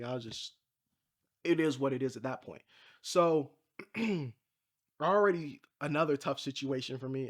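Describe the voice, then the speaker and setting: A young man telling a long story casually and with slang, pitching up for his own quoted reactions. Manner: animated, slangy, voices his own reactions with big rises. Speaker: independent MMA media reporter.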